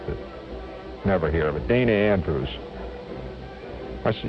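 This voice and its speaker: A man's voice: mid-range voice, very animated, normal speed, pauses often. An older man from Indiana telling a personal war memory on the radio, reminiscing animatedly and restarting his phrases. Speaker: storyteller. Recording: dull lo-fi radio recording with faint music.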